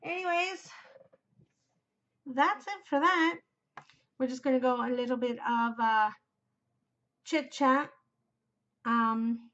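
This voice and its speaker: A woman in her forties chats away on her knitting podcast. She gushes and rambles with plenty of fillers, in a slightly high voice. The recording sounds dull and lo-fi. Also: a bit bright. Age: 40s. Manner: gushing, chatty, rambling with many fillers. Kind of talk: casual chat.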